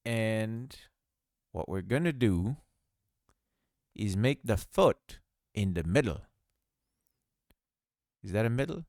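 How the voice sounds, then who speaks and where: A man's voice: fairly low pitch, lively intonation, slow, pauses often, darkish tone, no room sound, clean studio sound. A man hosting a casual screen-recorded game-making tutorial, thinking aloud and poking fun at himself as he works. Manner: self-mocking, thinks aloud, laughs at himself. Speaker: game dev tutorial host.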